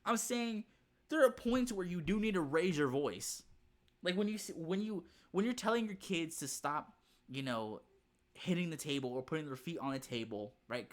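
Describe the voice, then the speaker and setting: A man's voice: a little high, animated, normal speed. A man hosting a reaction video, talking in a casual, rambling way, repeating himself and swearing freely.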